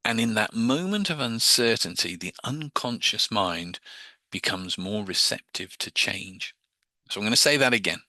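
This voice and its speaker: A man with a low voice that sounds very bright and forward explains hypnosis techniques to a group. His talk is informal and chatty, full of restarts and repeated words. The sound is dry and close, with no room around it. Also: lively intonation, moderate pace, no room sound. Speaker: hypnosis teacher.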